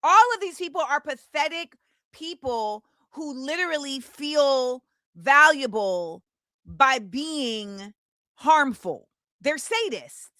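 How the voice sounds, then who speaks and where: A woman hosting a casual livestream talk show, talking in an animated, sing-song way and reading out viewers' shout-outs. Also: sits high, no echo. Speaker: host. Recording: music playing behind the voice. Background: music.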